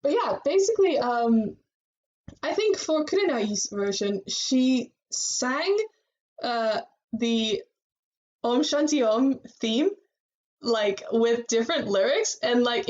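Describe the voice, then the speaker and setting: Animated woman chatting, muffled sound. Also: fairly high pitch, unhurried. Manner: animated, laughs often, many fillers. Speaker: podcast co-host. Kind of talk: casual fan chat.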